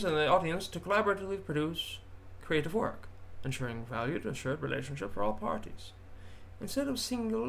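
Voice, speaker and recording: Man putting on a high, grandiose 1930s transatlantic announcer with an old transatlantic accent, bright and declaiming. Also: gravelly, slight background noise, heavily acted. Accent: put-on old transatlantic.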